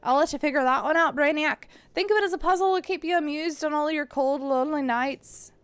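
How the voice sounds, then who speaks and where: A woman's voice: high-pitched, a little fast, no echo, pitched above the performer's own voice, lightly acted. McMurphy, a woman doing a cocky teasing pirate. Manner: smug, teasing.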